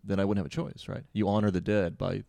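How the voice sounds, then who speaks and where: A young man in crude casual chat, making dry deadpan jokes with halting restarts. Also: on the low side, gravelly, no echo.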